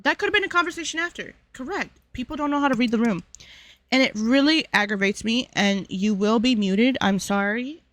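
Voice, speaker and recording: Bright-voiced woman streamer chatting rambly. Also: fairly high pitch, fairly quick. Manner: rambling, filler-heavy, addressing chat directly. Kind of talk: casual livestream chat.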